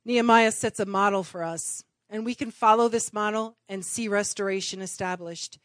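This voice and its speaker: A woman's voice: medium pitch, normal speed, no echo. A woman preaching a sermon earnestly, building to emphatic repeated phrases. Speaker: church speaker.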